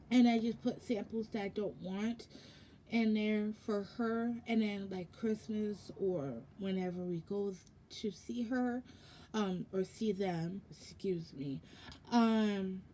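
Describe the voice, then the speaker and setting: A young woman vlogger chats casually through a product unboxing, rambling with lots of ums and self-corrections while sounding sleepy and yawning. Her voice is mid-range and mellow, with slight background noise.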